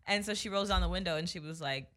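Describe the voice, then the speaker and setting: A woman's voice: fairly low pitch, quick pace, a bit bright. A young woman hosting a podcast, chatting candidly and swearing freely while she tells stories. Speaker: podcast host. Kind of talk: casual podcast chat.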